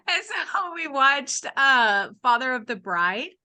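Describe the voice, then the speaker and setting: This podcast guest, a woman around her late thirties or forties, has a voice that sits high, and she takes things slowly. Telling a funny story about herself in a casual, frank way, she animatedly mimics the people in it, her humor wry throughout.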